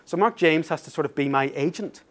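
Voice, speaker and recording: A man giving a talk as an author, telling an anecdote in a lively, self-mocking way and laughing through the story. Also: on the high side, brisk.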